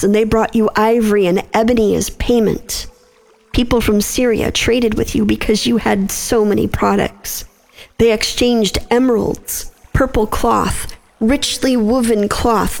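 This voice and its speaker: A woman reading scripture aloud and then leading a prayer in a slow, measured, reverent way. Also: fairly high pitch, a little mellow. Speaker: scripture reader and prayer leader.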